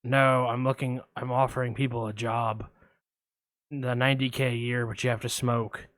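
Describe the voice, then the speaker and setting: A man putting on a creepy secretive male caller, speaking low, hushed and insinuating, in a dry, close-sounding podcast retelling of a phone call. The voice sits down in a murmur. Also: level tone, normal speed, dry recording, lightly acted. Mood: evasive.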